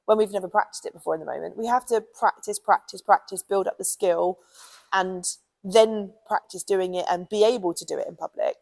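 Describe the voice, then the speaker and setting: Gravelly British woman talking dogs. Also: medium pitch, brisk, darkish tone, poor audio. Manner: chatty, with frequent ums and you knows. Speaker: dog trainer. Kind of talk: casual advice talk.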